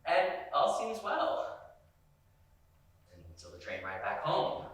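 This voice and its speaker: A young man performing a dramatic solo monologue, moving between quiet hurt and loud anger. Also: sits high, wildly swooping pitch, takes it slowly, pauses often. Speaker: stage performer. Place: university performance space. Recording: very echoey room, mic far off.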